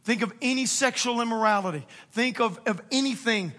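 Male pastor, sermon, high voice, bright and forceful tone, emphatic delivery. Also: fairly quick. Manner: emphatic preaching, rising to shouts and dropping to hushed tones.

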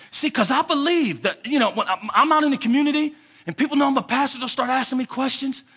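A pastor giving a sermon, preaching with emphatic repetition and swinging between loud and hushed delivery. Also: male voice, very high voice, quick pace, slightly rough.

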